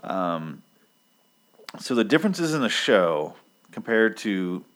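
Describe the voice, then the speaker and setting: Man, very low voice, casual profane recap vlogger, rambling delivery. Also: sing-song, slow pace, fairly bright tone. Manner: rambling, profane, lots of ums. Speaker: comic book recap vlogger.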